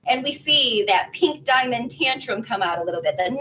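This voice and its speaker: Lively higher-voiced woman recapping a plot. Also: moderate pace. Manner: animated retelling, acting out characters' lines. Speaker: convention panelist. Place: home. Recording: distant muffled home recording, faint noise.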